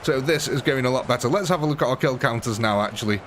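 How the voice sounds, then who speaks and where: Young English male streamer, excitable, mid-range voice, faint hum behind. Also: mid-range voice, quick pace. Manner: excitable, laughs often, addresses viewers as ladies and gentlemen. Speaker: live stream host. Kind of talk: casual live gaming commentary.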